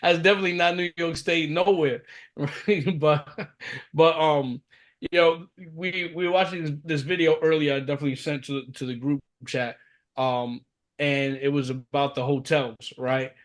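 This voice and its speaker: A man's voice: on the high side, fairly even intonation, moderate pace. A man co-hosting a casual podcast, laid-back and laughing, with many fillers. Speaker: podcast co-host.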